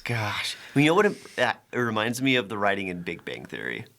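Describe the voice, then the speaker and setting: A man co-hosting a podcast, chatting casually about a movie, rambling and animated, often breaking off to restart a thought. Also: lowish voice, a little fast, vocal fry. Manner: rambling, animated, self-interrupting. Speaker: podcast co-host. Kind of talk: casual movie review chat.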